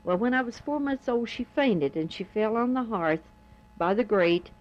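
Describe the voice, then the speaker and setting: An older woman, recalling family stories in a plain, homespun way with frequent pauses. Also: a little high, lively intonation, dull audio. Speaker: oral history narrator. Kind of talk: telling family stories from memory.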